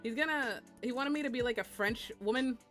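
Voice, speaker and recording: Chatty young woman streamer, higher voice. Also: a little fast, a bit bright, soft background music. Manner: chatty and crude, with frequent laughs and squeals. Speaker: VTuber streamer and artist. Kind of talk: casual live-stream chat while drawing.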